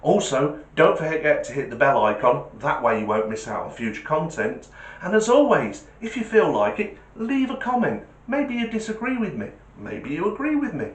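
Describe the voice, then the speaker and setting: A man's voice: fairly high pitch, very animated, normal speed. A man hosting a vlog, talking casually and homely, telling a joke. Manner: chatty, homely, repeats sign-off requests. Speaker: vlogger. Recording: roomy echo.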